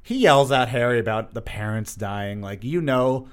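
A young man co-hosts a casual podcast, rambling through a story recap with plenty of fillers. He sounds animated and conversational in a middle-pitched voice. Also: normal speed, clear, resonant tone. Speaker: podcast co-host. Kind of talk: casual chat.

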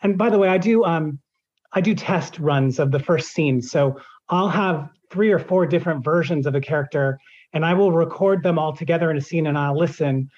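Audiobook narrator guy talking shop, kinda high voice, dull muffled recording. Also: normal speed, darkish tone. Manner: thoughtful, explains at length with examples. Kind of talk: interview answer.

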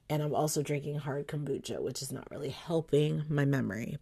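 A woman's voice: low voice, warm tone. A woman hosting her podcast, rambling and swearing freely in a casual monologue. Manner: profane, rambling, chatty. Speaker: podcast host.

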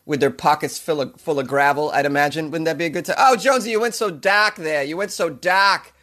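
On his comedy podcast, a host with a Boston accent rambles through sarcastic jokes in a monologue. His voice is on the high side, fairly quick, and sharp in tone.

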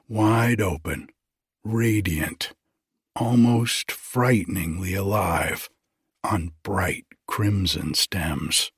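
A man narrating a literary story aloud in a lyrical, unhurried audiobook style. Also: deep voice, breathy edge, dry recording, studio quality.

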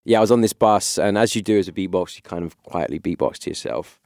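Laid-back man with a low voice. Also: quick pace, creaky, darkish tone, no echo, clean studio sound. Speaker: beatboxer interviewee. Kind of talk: casual storytelling.

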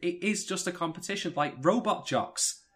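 A man's voice: sits high, normal speed. Opinionated man reviewing anime. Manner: opinionated, animated, emphatic rises. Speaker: podcast co-host. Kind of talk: casual anime review chat.

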